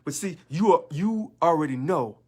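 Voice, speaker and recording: A man's voice: on the high side, expressive, moderate pace, a little mellow, slightly rough. A man, a union local leader, talking in a sarcastic monologue full of rhetorical questions. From United States. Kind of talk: casual monologue video.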